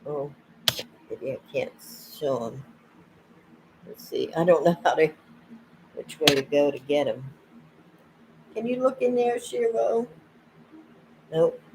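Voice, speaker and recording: An older woman talking casually to camera at home, rambling and halting, with frequent laughs. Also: low voice, a little mellow, slight background noise, rough recording. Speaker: vlogger. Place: at home, indoors.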